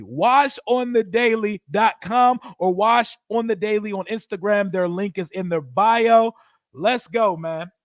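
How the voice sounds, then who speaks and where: A man's voice: high-pitched, dry recording, clean studio sound. A man in his forties hosting a post-game fan livestream, hyped up and trash-talking brashly. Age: 40s. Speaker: livestream host.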